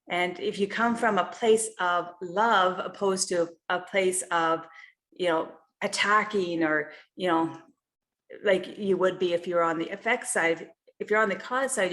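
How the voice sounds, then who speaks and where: A woman's voice: mid-range voice, fairly bright tone. A woman health coach giving a casual coaching talk over a video call, speaking conversationally and often checking in with "you know" and "right?".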